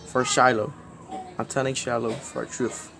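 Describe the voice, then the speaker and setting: A man's voice: medium pitch, little pitch movement, creaky, background noise. Pleading, repetitive man ranting at camera. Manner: pleading and repetitive, swings between loud outbursts and mumbling; halting, restarts words often. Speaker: video creator. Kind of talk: rambling direct-to-camera plea.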